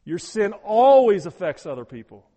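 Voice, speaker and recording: A man preaching a sermon as pastor, talking with emphasis, repeating words, and moving between loud urging and quiet prayerful tones. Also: high voice, sing-song, normal speed, big-room sound.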